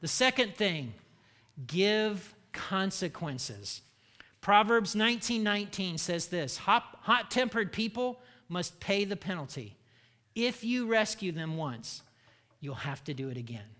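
A male pastor preaching with a bright, ringing tone and a fairly high voice. He is punchy and humorous, and he leads the crowd in call-and-response. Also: expressive, a little slow. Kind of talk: sermon.

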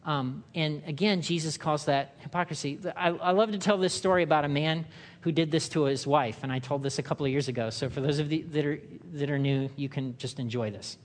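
A man preaching a sermon in a conversational way, acting out quotes in loud, higher voices. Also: brisk, long reverb tail, slight background noise. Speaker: pastor.

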